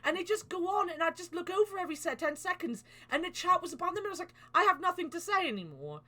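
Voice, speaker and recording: Bright high-voiced woman. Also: rapid-fire. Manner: animated, swears freely. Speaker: podcast host. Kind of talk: casual chat.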